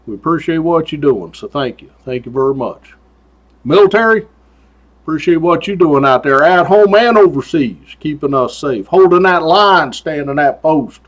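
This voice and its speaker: A man's voice: fairly high pitch, expressive, moderate pace. A man hosting a show, telling a story in a casual, profane, folksy way and laughing often. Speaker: host.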